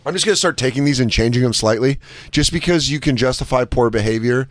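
A man of middle pitch on a comedy podcast, firing off sarcastic, profane jabs. His voice sits close and dry on the mic. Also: fast, no room sound. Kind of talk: casual podcast banter.

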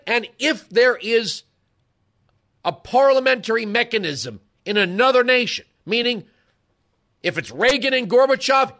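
A man in his forties hosts a political talk radio show with an extremely high-pitched, sharp voice. His emphatic, rhetorical monologue shifts between lecturing and storytelling.

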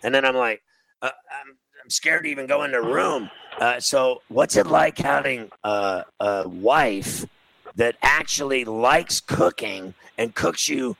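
A middle-aged man hosting a casual chat, telling animated stories and acting out quotes. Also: mid-range voice, measured pace, vocal fry, dry recording, rough recording. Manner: animated storyteller, acts out quotes.

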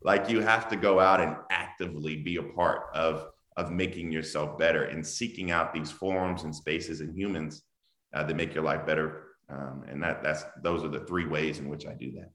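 A man from the South, a guest author talking over a video call in an animated, laughing, emphatic way. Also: extremely low pitch, normal speed. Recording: echoey room on a video call.

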